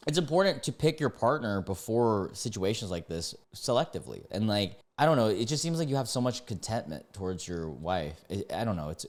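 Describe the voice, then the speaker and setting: A young man with a somewhat low voice reads online posts aloud and reacts to them. He laughs often, sounds incredulous, and leans on "like" as he talks things through. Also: a little mellow.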